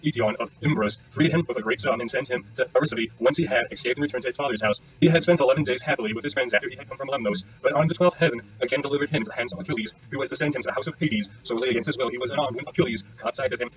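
Guy racing through an old epic poem, brisk and steady, dull lo-fi sound. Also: mid-range voice. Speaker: audiobook reader. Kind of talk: reading an epic poem aloud. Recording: dull sound, distant from the mic.

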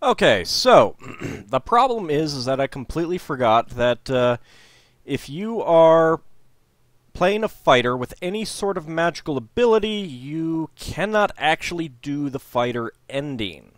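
A man's voice: fairly high pitch, big pitch swings, a little slow, no room sound, clean studio sound. Chatty man narrating his gameplay. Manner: chatty, thinking aloud, self-deprecating. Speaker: let's play host. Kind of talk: casual gameplay commentary.

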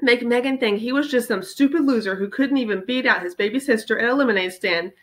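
A woman, a teacher, reading a children's chapter book aloud with expressive storytelling. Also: a little high, quick pace.

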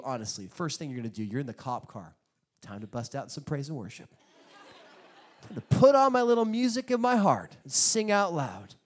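A male pastor preaching a sermon, telling stories in an animated way, acting out quotes and bursting out loudly at times. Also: fairly high pitch, breathy edge. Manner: animated storytelling with sudden loud bursts; acts out quotes in his stories.

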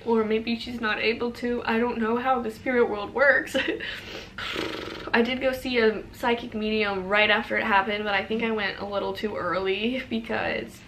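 A woman's voice: on the high side, fairly even intonation, moderate pace, a little hiss or hum. A woman in her twenties talking casually and emotionally in a vlog, rambling a little and saying "like" often. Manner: rambling, heavy use of "like", soft and emotional. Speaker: vlogger.

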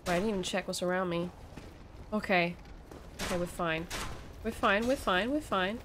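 A woman's voice: on the low side, normal speed, background noise. A young woman giving let's play commentary, talking to the enemies and reacting aloud as she plays. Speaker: gaming video creator.

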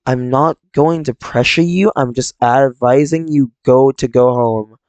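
A man's voice: mid-range voice, measured pace, darkish tone, clear, resonant tone, no echo, lightly acted. A man reading aloud the lines of a troubled young person with mental illness from a visual novel, in a subdued, confessional way. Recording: dry close mic, faint game music.

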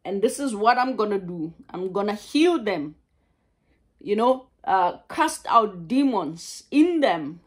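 A woman preaching a sermon, halting and repeating words as she goes. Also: mid-range voice, expressive.

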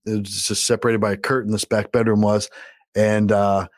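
A man's voice: fairly low pitch, flat delivery, moderate pace, no room sound, clean studio sound. A middle-aged man, a podcast co-host, telling a long story in a casual, profane, rambling way.

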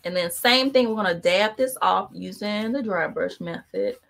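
A woman's voice: medium pitch, moderate pace, vocal fry. A woman painting instructor, chatting casually and telling a story while she paints, acting out the other people's voices. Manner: chatty, animated, acts out quoted voices.

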